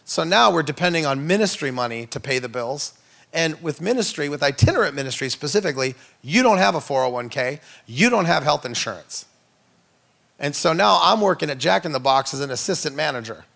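A man's voice: a little high, lively intonation, a little fast, gravelly, a bit bright. A man, an itinerant minister giving a humorous testimony sermon, telling a story with jokey asides to the audience. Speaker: itinerant minister, guest speaker.

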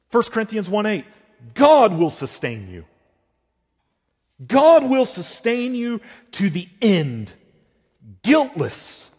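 A pastor preaching a sermon, swinging between loud emphatic lines and hushed ones. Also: male voice, a little high, big-room sound.

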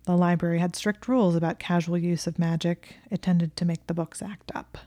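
Gravelly, mellow woman narrating a story. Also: lowish voice, little pitch movement, moderate pace, hardly any pauses, no echo, studio quality. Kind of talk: audiobook reading of fan fiction.

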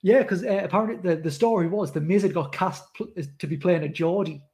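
A man's voice: high-pitched, fast, a little mellow. A man from North East England with a north-east English accent, co-hosting a casual podcast chat and telling rambling stories with laughs. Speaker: podcast co-host.

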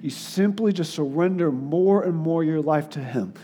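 A male guest preacher giving an earnest sermon, sometimes emotional and dropping his voice softly for quotes. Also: normal speed, a little hiss or hum. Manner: earnest, tearful in places, drops to soft low tones for quotes. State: crying at times.

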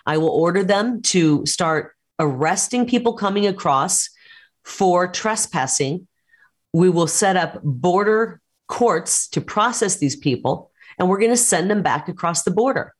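A woman running for office, talking in a forceful, combative way in an interview. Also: lowish voice. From United States. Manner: forceful, combative campaign talk. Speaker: political candidate. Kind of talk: interview over a call.

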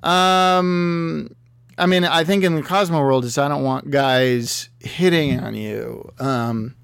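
A man giving a comedic, rambling monologue as a vlogger, talking in a dry, halting way with many fillers and restarts. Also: on the high side, steady tone, creaky, a bit bright, clear, resonant tone, no echo. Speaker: vlogger answering a magazine quiz.

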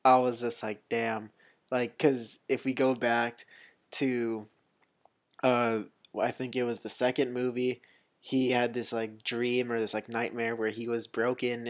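A man in casual podcast chat, relaxed and chatty, with many filler likes. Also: mid-range voice, measured pace.

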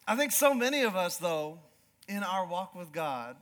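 A middle-aged man from Alaska, a pastor preaching a sermon through an animated personal story, sometimes mimicking slow drawling voices. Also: high-pitched.

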